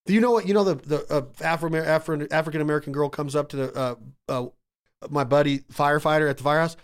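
A man in casual podcast chat, telling excited, profane stories and calling his friend "bro" and "dude". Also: on the high side, quick pace, clear, resonant tone.

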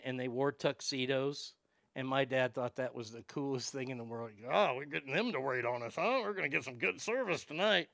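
Man, casual profane anecdote, raspy fry, bright edgy tone, dry close sound. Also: mid-range voice, no room sound. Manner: profane, animated, laughing.

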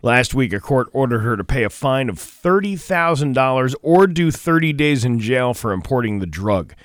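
A man's voice: mid-range voice, expressive, normal speed, no echo, studio quality. A man co-hosting a casual radio show, rambling through news items and laughing along. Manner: loose, rambling, laughs often, trails off. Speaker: radio co-host.

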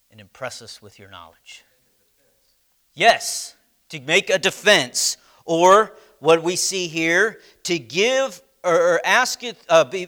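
A man's voice: on the high side, sharp tone. A man teaching a church Bible class, speaking emphatically, quizzing his listeners and letting phrase ends sink almost to a whisper. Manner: slow, emphatic, asks the class questions.

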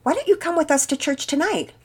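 A woman's voice: sits high, expressive, fast talker, voice pushed up. An older woman voicing an earnest young girl speaking sincerely.

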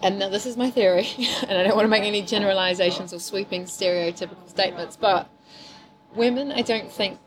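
An Englishwoman chatting easily about improv, full of fillers and quick laughs. She speaks at a middling pitch. A crowd murmurs clearly behind her. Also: low-quality recording. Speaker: improv teacher and guest. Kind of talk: casual chat.

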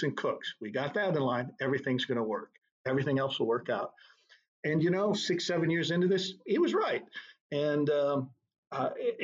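A middle-aged man, a drum corps tour director, telling anecdotes in a relaxed, storytelling way during an interview. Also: a little high, lo-fi sound. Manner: relaxed anecdotal, laughs at own stories.

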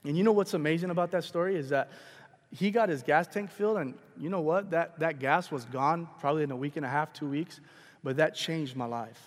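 A man preaching a sermon, telling a personal story in a casual, animated way with many fillers and restarts. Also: a little high, a little fast. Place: large church hall. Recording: long hall reverb.

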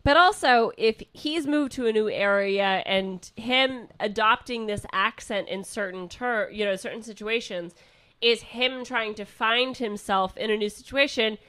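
A woman's voice: a little high, a little slow, fairly bright tone. A woman co-hosting a comedy podcast, rambling through her points with restarts and laughing along. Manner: rambling, self-interrupting, laughs. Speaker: co-host. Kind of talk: casual comedy podcast banter.

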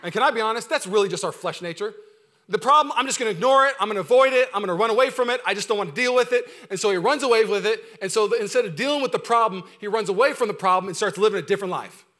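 A man preaching a sermon as pastor, energetic, swinging from loud urgent preaching to quiet, close asides. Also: high voice, racing.

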